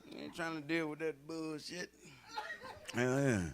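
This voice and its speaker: A man's voice: fairly high pitch, fairly even intonation, measured pace. A man doing a stand-up comedy set, telling stories in a loose, profane, conversational way.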